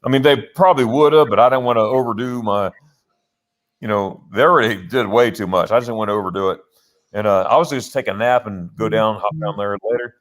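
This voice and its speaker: A man's voice: on the low side, fairly quick. A man hosting a casual live show, telling a long rambling story with many restarts from his home office on a laptop. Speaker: host.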